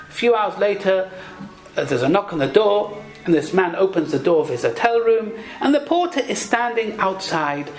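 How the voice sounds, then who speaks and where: A woman teaching Torah in a sermon, telling a parable and mixing in Hebrew and Yiddish terms. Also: medium pitch. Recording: echoey room.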